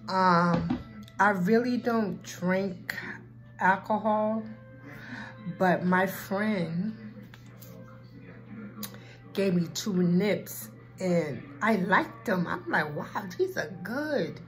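A woman vlogger in casual chat, talking slowly and from the heart, with a Black way of speaking and frequent ums. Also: medium pitch, soft background music, low-quality recording. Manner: slow and heartfelt, with filler ums.

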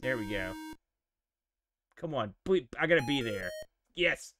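A man giving casual, animated live-stream commentary while playing a retro game, exclaiming and joking at it. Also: mid-range voice, a little slow.

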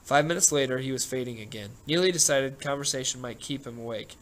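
A man reads a novel aloud in a steady, plain narrating voice. His pitch sits in the ordinary middle range for a man. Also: fast, poor audio. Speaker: audiobook narrator. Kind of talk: scripted narration.

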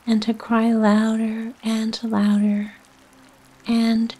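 A woman reading a fairy tale aloud as a bedtime storyteller, in a whispered role-play with a soft unvoiced whisper. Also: fairly high pitch, monotone, slow pace, slightly rough, rough recording. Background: soft music.

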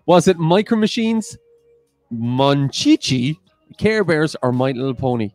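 A man's voice: fairly high pitch, animated, a little slow, darkish tone, no echo, soft background music. A man co-hosting a live-streamed quiz, reading questions and options aloud in a playful way. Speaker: quiz co-host.

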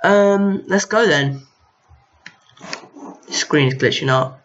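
A man's voice: sits high, slow, fairly bright tone, a little hiss or hum. A young man casually commenting on his own gameplay, chatting to enemies on screen with mild exasperation. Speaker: gaming video host. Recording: lo-fi home mic.

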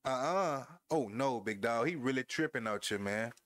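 A man at medium pitch with lively intonation and a moderate pace narrates his wrestling game casually over a headset. He taunts his opponent, laughs, and speaks to viewers; his voice is a bit bright, with no echo.

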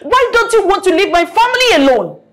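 A domineering Nigerian matriarch with a high, husky voice that leaps up and down as she scolds. She speaks slowly and repeats herself in bursts, contemptuous of the girl in front of her. Faint music plays behind. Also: big pitch swings, full character voice. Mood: angry. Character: domineering wealthy mother, scornful and stern. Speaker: mother of the house. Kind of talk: film drama acting.

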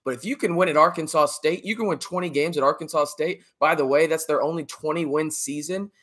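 A man hosting a sports podcast, talking emphatically to his live chat with a slightly high voice. He keeps asking "right?" to drive his points home. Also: fairly quick, a bit bright. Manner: emphatic, often adds "right?". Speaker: podcast host. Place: home studio with a dog in the background.

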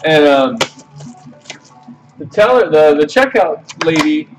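A man hosting a card break stream, telling a story in a casual, animated way, swearing freely. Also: a little high, slow pace, distant mic, poor audio. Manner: animated, swearing, retells quotes in voices. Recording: off-mic voice with loud music. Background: music playing.

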